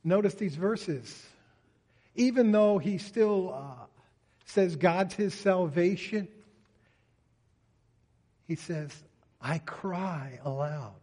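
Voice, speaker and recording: A man's voice: sits high, slow, long pauses, mellow. A man preaching a sermon in an earnest way, often voicing a psalmist's pleas in prayer. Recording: reverberant hall.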